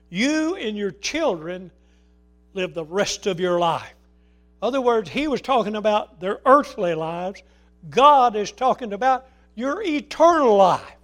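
A middle-aged man preaching a sermon with passion, swinging from loud cries to hushed pleas. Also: high voice, animated, a little slow. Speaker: pastor.

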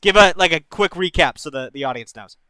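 A man's voice: fairly high pitch, expressive, a little fast, sharp tone, smooth, no room sound, low-quality recording. A man hosting a call-in advice show, giving blunt, profane, bro-style advice to callers. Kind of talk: casual live-stream call-in advice.

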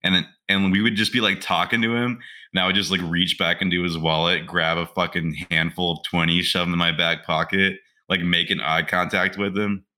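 A man's voice: deep voice, steady tone, fairly quick, sharp tone. A man in his twenties, a podcast co-host, telling crude stories in brash, profane casual banter.

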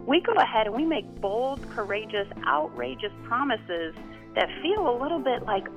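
A woman pastor and author, guest on a phone interview, talking in an animated, emphatic way. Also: fairly high pitch, normal speed, soft background music. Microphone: phone line. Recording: tinny phone line.

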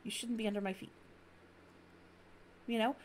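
A middle-aged woman co-hosting a stream, telling blunt, animated stories in casual chat. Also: on the high side, moderate pace. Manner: blunt, animated storyteller acting out her cat. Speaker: stream co-host.

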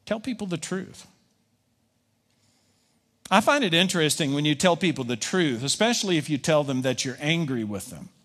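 Male pastor, conversational preacher, fairly high voice, reverberant sanctuary sound. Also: fairly bright tone. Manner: conversational preaching, voicing the listener's objections. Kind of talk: sermon.

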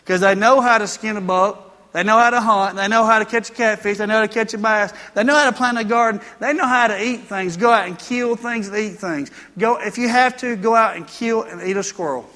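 A man's voice: sits high, fairly quick, pushed and bright, in a large hall. A man preaching a sermon, mixing folksy country stories with emphatic preaching. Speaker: pastor.

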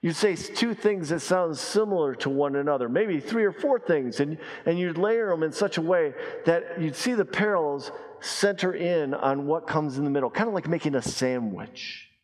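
A male pastor delivers a sermon with a slightly raised pitch and an emphatic, repetitive way of hammering key phrases. He often slows down and sinks low to stress a point. The voice rings with the long reverb of a large church sanctuary. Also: expressive.

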